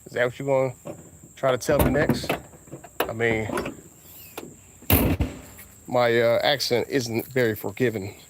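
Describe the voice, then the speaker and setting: A man with a Southern US accent rambling casually as a car vlogger outdoors, drawing out his words and breaking into sudden high exclamations. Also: steady tone, a little hiss or hum. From Southern United States. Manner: laid-back, drawn-out talk with sudden high exclamations.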